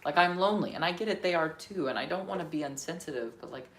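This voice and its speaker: A man on a solo vlog, thinking aloud in a candid, self-questioning way, shifting between quiet muttering and emphatic, profane outbursts. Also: a little high, fast. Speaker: vlogger. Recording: roomy echo with faint ambient noise.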